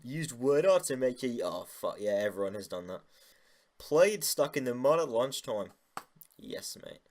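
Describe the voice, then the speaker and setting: A man's voice: medium pitch, big pitch swings, measured pace, a little mellow. A young man making a casual vlog, rambling and joking with lots of swearing. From United Kingdom. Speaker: YouTuber.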